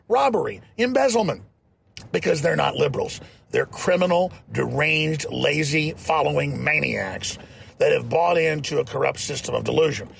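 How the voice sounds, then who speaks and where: A talk show host rants in a fiery, emphatic and mocking tone. His voice is very gravelly and pitched a little high. A faint hiss sits under it. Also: fairly bright tone. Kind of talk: ranting political commentary.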